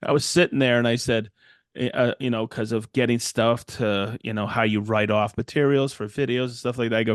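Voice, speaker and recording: A middle-aged man, co-hosting a podcast and telling a long story in a rambling, animated way, acting out the people in it. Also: medium pitch, fairly quick, dry recording, studio quality. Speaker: podcast co-host and woodworker. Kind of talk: casual storytelling chat.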